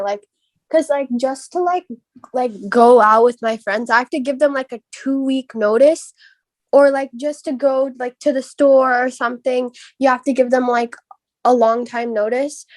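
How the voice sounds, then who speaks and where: A young woman from the United States co-hosting a podcast, chatting casually with many fillers and pauses. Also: sits high. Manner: filler-heavy, hesitant. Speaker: podcast co-host. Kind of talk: casual chat.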